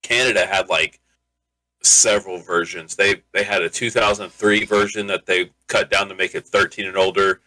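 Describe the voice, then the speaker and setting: A man's voice: low voice, fairly even intonation, moderate pace, bright, forceful tone, low-quality recording. A man co-hosting a podcast, chatting casually, laughing easily and repeating words as he starts. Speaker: podcast co-host. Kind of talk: casual chat.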